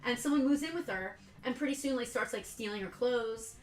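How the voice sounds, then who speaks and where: A woman's voice: fairly high pitch, fairly quick. Scratchy-voiced woman co-hosting a livestream. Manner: chatty, jokey, rambling. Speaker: co-host of a toy store livestream. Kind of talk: casual livestream chat. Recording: echoey room.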